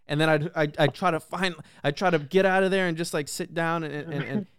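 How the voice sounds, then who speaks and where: A man chatting on a podcast, telling a story in a loose, animated way that is heavy with swearing and filler words. His voice is smooth and clear, and the sound is dry and close, with no room echo. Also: fairly high pitch, brisk. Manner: animated, profane storytelling full of "bro" and "like". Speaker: podcast guest or host. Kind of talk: casual podcast conversation.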